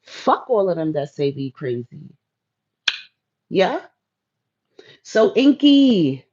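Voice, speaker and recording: A woman's voice: low voice, very animated, takes it slowly, muffled recording. A woman hosting a casual spiritual livestream, laid-back and playful, talking straight to viewers in her chat. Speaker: livestream host.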